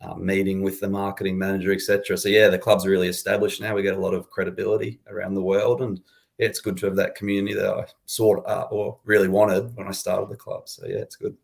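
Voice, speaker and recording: A young Australian man talks easily and chattily as a podcast guest. His voice sits low and hardly rises or falls, keeping an even, laid-back line. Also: quick pace, gravelly. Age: 20s. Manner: relaxed, chatty, laughs easily. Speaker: guest, supporters' club founder. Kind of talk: casual podcast interview.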